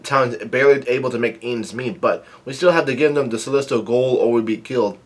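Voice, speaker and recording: A man's voice: mid-range voice, fairly quick, close to an everyday voice. Man reading out a pleading village girl. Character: young village woman, frightened and pleading.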